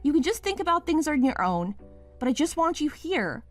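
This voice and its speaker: A woman's voice: sits high, sing-song, moderate pace, soft background music. A woman playing a young wife in a dramatized story, pleading and then accusing her partner.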